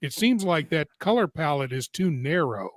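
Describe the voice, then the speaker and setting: A man's voice: fairly high pitch, expressive, moderate pace, no echo, studio quality. Chatty man hosting a live stream. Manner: chatty, reads viewer comments aloud. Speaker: host. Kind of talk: casual live-stream chat.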